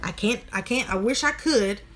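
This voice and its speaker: A woman's voice: a little high, normal speed, a bit bright. A woman talking casually to her viewers, blunt and irritated, swearing freely as she points things out. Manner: talks straight to viewers as y'all. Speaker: vlogger. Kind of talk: casual commentary to camera.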